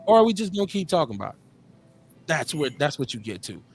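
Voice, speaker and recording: A middle-aged man with a Midwestern US accent, hosting a live call-in show in a relaxed, slangy way and repeating his phrases. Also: fairly high pitch, quick pace, a little hiss or hum. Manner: laid-back, slangy, drawls and repeats phrases. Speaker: radio show host.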